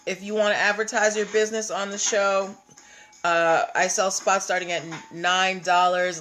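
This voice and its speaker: A woman's voice: medium pitch, a bit bright, slight background noise. A woman hosting a casual livestream, chatting with viewers and greeting them by name. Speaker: livestream host.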